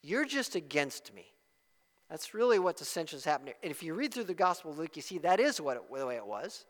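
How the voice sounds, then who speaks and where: A man preaching a sermon as pastor, swinging from soft asides to loud, emphatic exclamations. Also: fairly high pitch, big pitch swings, fast talker, long reverb tail.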